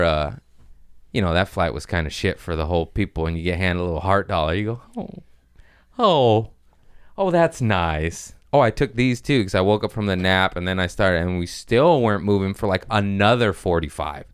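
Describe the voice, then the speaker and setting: The clip features a male podcast host with a low-pitched, clean-toned voice, recorded in clean studio sound with no room noise. Rambling and profane, he tells comic stories casually and throws in animated impressions.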